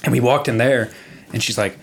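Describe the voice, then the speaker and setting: A young man spins a spooky story on a podcast in a loose, rambling way. He swears freely and keeps restarting his sentences and padding them with fillers. His pitch sits in the middle. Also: steady tone, fairly quick, gravelly, a little hiss or hum. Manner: rambling, profane, lots of fillers. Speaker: podcast guest. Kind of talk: casual storytelling.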